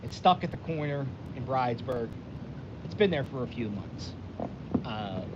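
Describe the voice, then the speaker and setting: A man, rambling self-deprecatingly through a vlog story outdoors. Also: fairly high pitch. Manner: animated, self-deprecating, rambling with many restarts. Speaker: vlogger. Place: outdoors on a windy day. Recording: dull audio with wind noise.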